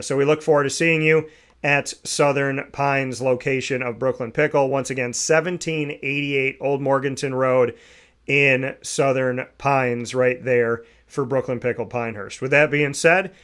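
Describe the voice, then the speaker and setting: A man's voice: medium pitch, fairly bright tone. A man hosting a morning sports talk show, chatting casually and reading promos with enthusiasm.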